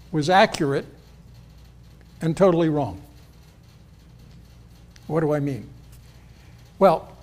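A man preaching with a slightly raised pitch. He talks to the congregation conversationally and acts out the quoted lines with lifted voice. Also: darkish tone. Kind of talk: expository sermon.

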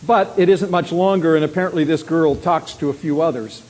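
A man preaching a sermon. He acts out quoted lines loudly and drops to a quiet voice when he reflects. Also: a little high, a little fast. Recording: long hall reverb with faint hiss.

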